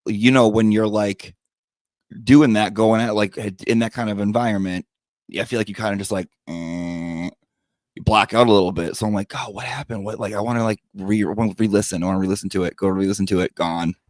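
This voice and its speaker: A man with a low-pitched voice hosts his own show, telling stories in a sassy, profane and theatrical way. The recording is dry and close, with no room sound. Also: steady tone, a little fast, darkish tone, dry recording. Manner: sassy, profane, dramatic retelling of quarrels. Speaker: podcast host. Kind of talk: profane storytelling monologue.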